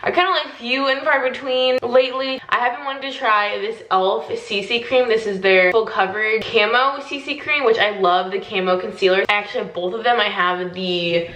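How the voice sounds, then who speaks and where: A young woman with a slight Southern US accent chats through a makeup vlog, her voice still rough with morning. She talks easily, full of "like" fillers. The bathroom around her gives the sound an echoey ring. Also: on the high side, a little fast, hardly any pauses, fairly bright tone. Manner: chatty, many "like" fillers, laughs often. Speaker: beauty vlogger. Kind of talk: casual chat. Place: bathroom at home.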